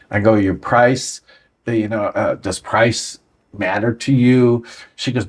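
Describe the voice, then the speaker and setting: A man's voice: fairly low pitch, steady tone, slow. A man in his sixties, a guest on an interview show, tells stories from his career and acts out the dialogue. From United States. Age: 60s. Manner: anecdotal, acts out quoted dialogue. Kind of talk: storytelling interview.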